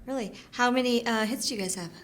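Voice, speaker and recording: A woman's voice: on the high side, fast talker, slight background noise, natural voice. A woman playing a struggling filmmaker, speaking in a frustrated, emphatic way. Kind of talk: comedy film acting.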